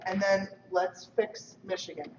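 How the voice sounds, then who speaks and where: A woman calls a quick fact-check break and directs the fix in a practical, businesslike way. She sits at a middling pitch. The stream is lo-fi and noisy, and her voice echoes around a hall from a distance. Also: fairly even intonation. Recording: roomy lo-fi stream, hall reverb from far off.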